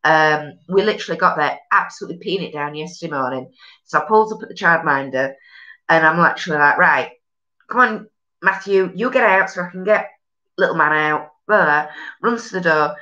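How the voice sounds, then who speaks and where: A Yorkshire woman hosts a casual live stream, reading viewer comments in a low, fairly quick voice that is bright and forceful, though the highs are cut off. She chats bluntly and rambles, using sweary northern slang.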